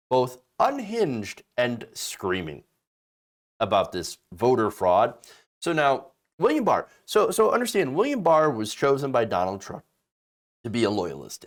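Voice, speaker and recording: A man hosting casual political commentary, sarcastic and mocking, slipping into exaggerated voices to ridicule people. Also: mid-range voice.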